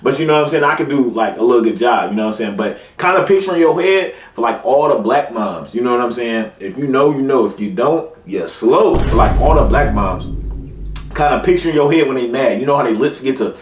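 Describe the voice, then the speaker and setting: A man's voice: medium pitch, lively intonation, a little fast. Laid-back young man telling a story. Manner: laid-back slangy talk, keeps saying "you know what I'm saying". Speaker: vlogger. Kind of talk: casual storytelling. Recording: roomy sound, far from mic, music behind.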